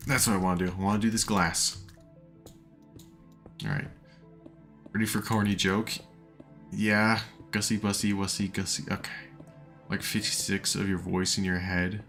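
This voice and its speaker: Low, bright-voiced streamer, voice worn. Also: male voice, steady tone, measured pace, long pauses, faint music behind. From United States. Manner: rambling, reads chat aloud and answers it. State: voice tired and sore from hours of talking. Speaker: game streamer. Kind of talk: casual live-stream chat while playing.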